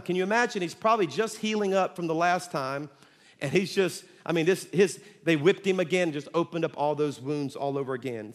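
A man with a high voice preaches to his congregation, pressing his points with animated emphasis and sudden drops to a hush. The sound rings with a long reverb from the church sanctuary. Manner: animated, emphatic preaching with shifts between loud and quiet. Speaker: pastor. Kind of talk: sermon.

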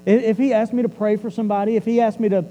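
A male preacher with a high but very mellow, warm voice. He tells his sermon like a story, chatty and loose. He often doubles back on his words as he goes. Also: flat delivery, very fast, big-room sound, slight background noise, rough recording. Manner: conversational, repeats and restarts words.

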